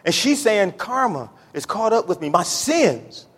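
A man preaching a sermon in a church, building from low, drawn-out talk to shouted, pleading prayer. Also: very animated, husky. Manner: Southern-style preaching cadence, says y'all. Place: church sanctuary. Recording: echoey church hall.

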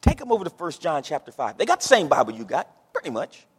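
A man's voice: a little high, wildly swooping pitch, quick pace, husky. A man preaching a sermon as pastor, folksy, with homespun stories and plain everyday sayings. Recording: long hall reverb.

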